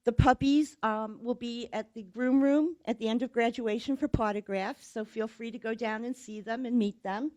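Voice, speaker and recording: A woman's voice: on the high side, fairly even intonation, moderate pace, hardly any pauses, darkish tone, no echo, lo-fi sound. A woman speaking at a graduation ceremony, cheerfully thanking puppy raisers and reading a heartfelt quote. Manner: cheerful, laughs between lines, reads a closing quote. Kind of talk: ceremony speech.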